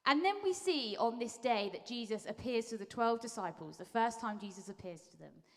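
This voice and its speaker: A woman preacher giving a conversational sermon, telling the story lively and acting out what people say. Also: a little high, moderate pace. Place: church hall. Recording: long reverb of a large hall.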